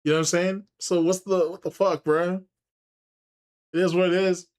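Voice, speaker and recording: A man's voice: high voice, flat delivery, normal speed, darkish tone, clear, resonant tone. A man giving casual, profane commentary as host, mocking and taunting with frequent laughter.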